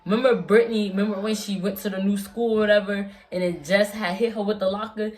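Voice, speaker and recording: A woman's voice: medium pitch, steady tone, fast, slight background noise. A young woman vlogger telling a casual storytime, rambling with slang and lots of fillers and restarts.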